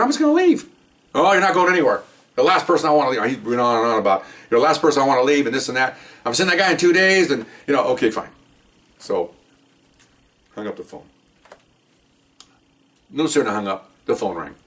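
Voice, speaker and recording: Older retired cop telling war stories, acts out the other guys, sounds a bit far from the mic. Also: male voice, lowish voice. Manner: animated, acts out quoted voices. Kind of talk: casual storytelling.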